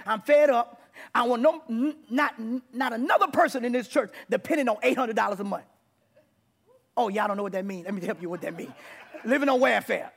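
A man preaching to a church congregation, animated, mixing shouts and laughter. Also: high voice, creaky. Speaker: pastor. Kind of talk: sermon.

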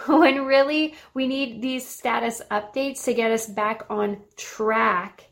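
A woman's voice: a little high, slow, creaky, hardly any pauses. A woman in her thirties hosting a motivational self-help talk, earnest and encouraging, with an occasional laugh. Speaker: podcast host.

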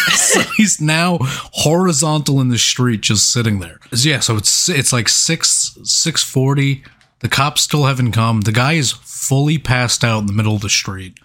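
A man in the middle of a podcast chat, spinning a rambling, profane story about his neighborhood. He talks at an ordinary pitch, casual and loose, with plenty of swearing and short laughs. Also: measured pace. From New York. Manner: profane, animated anecdote with laughs. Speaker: podcast co-host.

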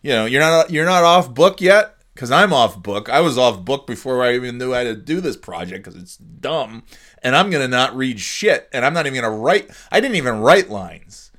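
A man's voice: mid-range voice, lively intonation, moderate pace, fairly bright tone. A man hosting a casual solo podcast, sleepy and yawning, ranting sarcastically with plenty of swearing. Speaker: podcast host.

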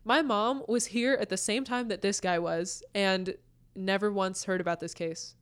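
A young adult podcast co-host speaks at a moderate pace in a medium-pitched, clean-toned voice. She's giggly and animated, trading stories and laughing often in casual conversation.

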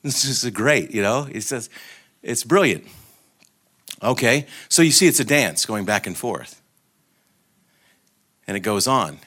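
A man's voice: mid-range voice, expressive, unhurried, pauses often, pushed and bright. A middle-aged man giving an informal, reflective sermon talk at a gathering, speaking conversationally with fillers and restarts.

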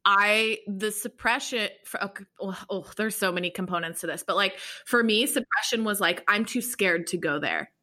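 A woman hosting a podcast interview, talking reflectively in a halting way. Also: medium pitch, sharp tone. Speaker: podcast host. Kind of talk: conversational interview.

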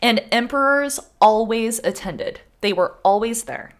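A woman's voice: fairly high pitch, a little slow. A young woman co-hosting a podcast, telling a history story in casual, chatty talk and swearing freely. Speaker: podcast co-host.

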